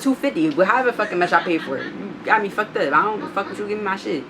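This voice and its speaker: A woman vlogger telling a storytime, blunt and profane, animated as she reads out text messages. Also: medium pitch, quick pace, noisy background. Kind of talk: storytime vlog.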